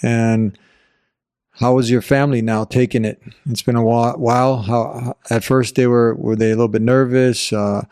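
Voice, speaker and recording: Male interviewer, hesitant, filler-heavy, mid pitch. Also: little pitch movement, normal speed, darkish tone, clean tone, no echo, clean studio sound. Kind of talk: interview questions.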